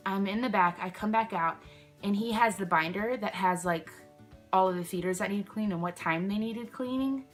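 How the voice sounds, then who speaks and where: A young woman chats to her own camera at home, telling a workplace story in a loose, rambling way. She sidetracks often and pads her sentences with fillers. Her pitch sits in the middle of the female range. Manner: rambling, chatty, many "like" fillers, self-interrupting. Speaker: vlogger. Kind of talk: casual storytime chat. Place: indoors at home, candles nearby. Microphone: camera she films herself with.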